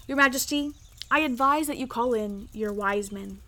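A woman's voice: fairly high pitch, pushed and bright. Woman doing a fretful royal counselor. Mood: worried. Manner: worried, measured.

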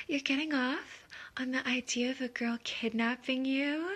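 A woman's voice: sits high, fairly even intonation, moderate pace, hardly any pauses, a bit bright, slightly rough. A young woman in a whispered role-play, speaking in a teasing, dominant way with murmured uh-huhs and giggles. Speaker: audio role-play performer.

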